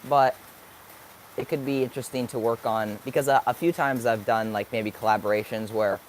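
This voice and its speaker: A late-teen guy chatting on a live stream, working through his answers out loud and pausing to find the right words. His voice sits in an ordinary middle register, upbeat with flashes of excitement. Faint background noise sits under the voice. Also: mid-range voice. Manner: thinking aloud, searching for words; upbeat, sometimes hyper. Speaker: vlogger. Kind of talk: live stream chat answering viewer questions.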